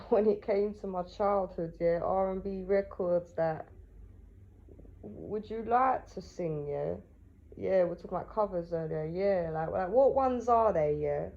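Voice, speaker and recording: A woman talking casually to the camera, asking herself questions and answering them, tagging her lines with "yeah?" and often restarting. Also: on the low side. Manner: rambling, with many restarts. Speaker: vlogger and writer. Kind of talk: casual monologue. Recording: dull lo-fi sound.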